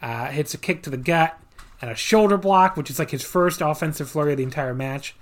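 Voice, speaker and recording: A man's voice: on the high side, a little fast. A man co-hosting a podcast, casually recapping a wrestling match with dry sarcasm and many fillers.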